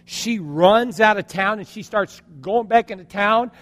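A man preaching a sermon, telling a story and acting out its quotes, swinging from loud passages to hushed ones. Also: high voice, a little slow. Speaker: pastor. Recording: long hall reverb.

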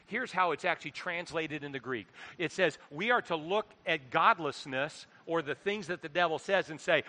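Animated preacher man, bright voice, echoing hall. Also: high voice, brisk, few pauses. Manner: animated, storytelling, shifts from quiet asides to loud exhortation. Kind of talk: sermon. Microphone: microphone. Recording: long hall reverb.

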